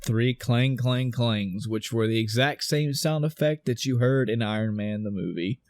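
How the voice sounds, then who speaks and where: A man co-hosting a podcast, excitedly retelling a film scene by scene, swearing and acting out the dialogue. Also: mid-range voice, moderate pace, no echo. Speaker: podcast co-host. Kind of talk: casual film discussion.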